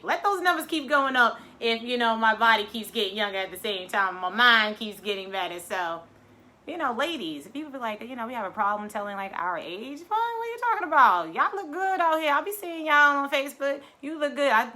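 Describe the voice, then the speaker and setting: A middle-aged woman, giving a casual, animated spiritual talk to her viewers and acting out quoted voices. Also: fairly high pitch, a little fast. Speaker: spiritual vlogger.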